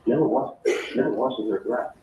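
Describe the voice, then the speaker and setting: A man's voice: mid-range voice, quick pace. A man rambling in a recorded conversation, repeating himself with lots of fillers. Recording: tinny distant phone tap, roomy, faint hiss.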